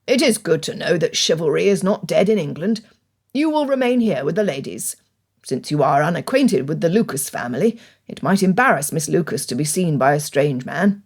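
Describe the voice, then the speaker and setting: A woman reading an audiobook, voicing a stern older male country gentleman with dry, cutting wit and measured speech. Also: a little high, sing-song, voice pushed down. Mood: dryly polite.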